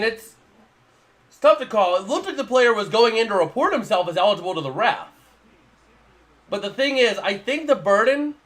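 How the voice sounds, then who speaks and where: A man with a fairly high voice calls scores and plays as they come in on his live stream. He talks in a loose, rambling way, circling back to the same point again and again. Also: a bit bright. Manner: rambling, repeats himself, casual. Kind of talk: live play-by-play and analysis.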